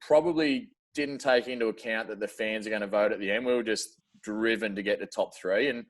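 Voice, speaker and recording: A man's voice: lowish voice, fairly quick. An Australian man chatting casually as a podcast guest, laid-back and slangy, laughing often. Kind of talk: casual chat.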